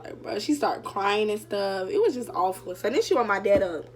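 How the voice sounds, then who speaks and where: A woman's voice: medium pitch, lively intonation, normal speed, hardly any pauses, a little mellow. A young woman vlogger casually telling a story to her viewers, chatty and full of fillers. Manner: chatty, addresses viewers directly, many fillers.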